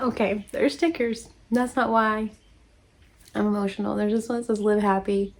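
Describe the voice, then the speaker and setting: A woman's voice: medium pitch, fairly even intonation, moderate pace. Giggly, emotional woman. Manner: emotional and giggly, gushing thanks. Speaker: crafting channel host. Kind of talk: casual chat while opening mail.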